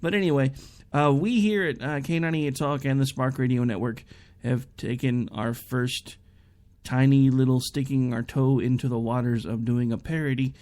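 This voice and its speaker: A man's voice: medium pitch, steady tone, moderate pace, a little mellow. A man hosting a talk radio show, chatting casually in a rambling, folksy, self-deprecating way.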